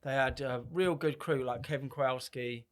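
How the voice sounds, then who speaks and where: A man's voice: medium pitch, fairly even intonation, moderate pace. A man in his fifties, a guest on a podcast, telling stories in a rambling, laid-back way with swearing and restarts. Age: 50s. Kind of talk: casual podcast chat.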